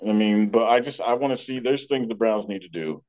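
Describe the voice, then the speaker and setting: A man's voice: on the low side, a little fast, a little mellow, dull audio. A man co-hosting a casual sports podcast, blunt and full of restarts, hiccuping now and then. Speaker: podcast co-host.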